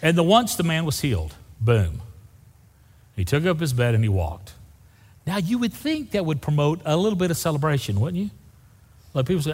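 A man's voice: fairly high pitch, sing-song, normal speed, pauses often, a little mellow, big-room sound. A man preaching a sermon as a pastor, folksy and joking, acting out the people in the story. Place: church sanctuary.

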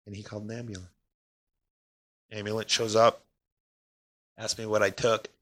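A man telling a personal story of crisis in an emotional, halting way, his voice sinking quiet in the hardest parts. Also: little pitch movement. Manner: emotional, pausing, voice drops low and quiet in heavy parts.

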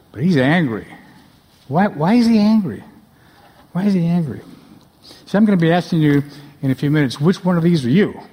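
A man's voice: on the high side, a little mellow. A man preaching a sermon as pastor, emphatic, putting questions straight to his congregation. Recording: echoey hall.

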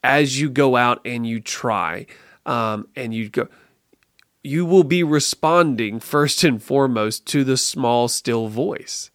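A man being interviewed on a podcast, telling a personal story in an earnest, lively way and often restarting his phrases. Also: medium pitch, slow pace, dry recording, clean studio sound. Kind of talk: casual conversational storytelling.

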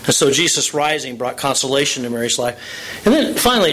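A man preaching a sermon, telling a scripture story with animated, expressive delivery and acted-out quotes. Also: medium pitch, a little fast, slight background noise, low-quality recording. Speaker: pastor.

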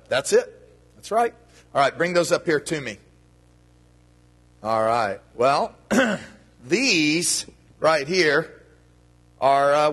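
A man's voice: a little high, fairly bright tone, slightly rough. A man giving a children's sermon in a church, talking to the kids in a playful, friendly way. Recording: long reverb of a church hall.

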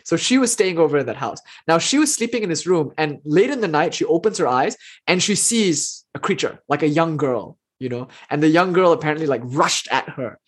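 A man's voice: on the high side, animated, fairly quick, husky. A man giving a casual spiritual storytelling talk, chatting with his listeners and livening up the people in his tales. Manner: conversational, often checks in with the listeners. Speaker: speaker telling spiritual stories.

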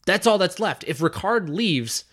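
A man's voice: high voice, lively intonation, a little slow, fairly bright tone. A man co-hosting a podcast, talking casually and analytically about a reality competition episode, with frequent restarts. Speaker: podcast co-host. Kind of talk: casual reality-show discussion.

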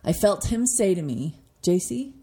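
A woman's voice: mid-range voice, lively intonation, a little slow, dark tone. A woman in her forties giving an earnest devotional talk with a personal story, getting emotional at times. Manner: earnest, emotional, voice rising when moved. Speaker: podcast host teaching devotionally.

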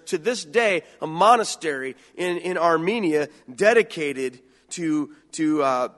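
A man delivers a sermon in a fairly high voice, speaking earnestly and conversationally. He often doubles back and repeats words mid-thought. A long reverb trails his voice through the hall. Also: fairly bright tone. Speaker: preacher.

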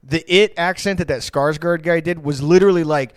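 A man's voice: fairly high pitch, moderate pace, hardly any pauses, dry recording, clean studio sound. A man from Louisiana co-hosting a crude comedy podcast, rambling and swearing as he laughs through the talk. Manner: rambling, profane, laughs often. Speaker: podcast co-host.

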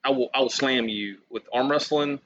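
A man tells a story in a rambling, profane, trash-talking way, his voice bright and forceful. The recording is dull and lo-fi, with a faint hiss underneath. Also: medium pitch, moderate pace. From Louisiana.

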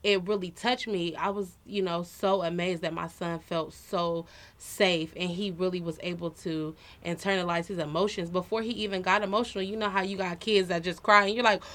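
A woman in her thirties talking in a relaxed, heartfelt way on a podcast. She speaks earnestly and often fills her pauses with "you know.". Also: fairly low pitch. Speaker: podcast co-host. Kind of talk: casual personal chat.

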